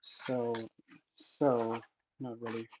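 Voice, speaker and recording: A man's voice: medium pitch, level tone, drawn-out words. A man unboxing his self-published book in a casual vlog, nervous and emotional, exclaiming as he goes. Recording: dull lo-fi sound with faint noise.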